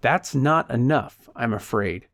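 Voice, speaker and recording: A man voicing a calm, calculating male hired punisher who speaks in firm, measured tones. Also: medium pitch, no echo, clean studio sound. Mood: cold menacing.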